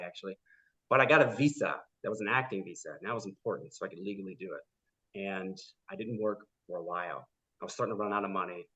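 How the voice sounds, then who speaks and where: A man telling his story as a podcast guest, lively and full of "like" fillers, acting out the people he quotes. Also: lowish voice, husky. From United States. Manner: animated, acts out quoted people, many "like" fillers. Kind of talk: casual storytelling interview. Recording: dull lo-fi podcast audio.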